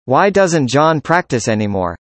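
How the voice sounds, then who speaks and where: Speaker doing practice conversation lines, plain even delivery, dry close sound. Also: medium pitch, normal speed, no room sound. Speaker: dialogue reader.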